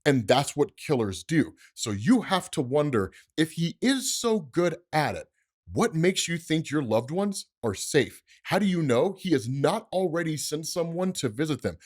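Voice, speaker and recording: A man voicing a calm, scheming male supervillain who makes slow, low threats. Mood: menacing.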